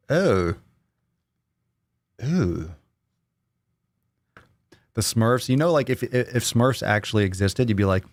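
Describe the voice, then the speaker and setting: A man's voice: lowish voice, dry recording. An American man hosting a casual live Q&A, rambling and joking with his viewers, often repeating himself. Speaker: livestream host.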